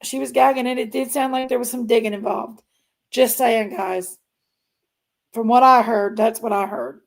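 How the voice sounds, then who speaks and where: Speaking at normal speed in a gravelly, fairly high-pitched voice with a steady tone, a woman hosts a casual true crime talk stream. She speaks straight to viewers as the channel host, often trailing off and repeating herself.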